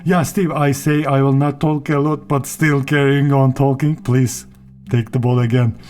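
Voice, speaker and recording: A man co-hosting a casual podcast over online voice chat, chatty and quick to laugh, with hesitant phrasing. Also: medium pitch, level tone, darkish tone, faint music behind. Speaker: podcast co-host.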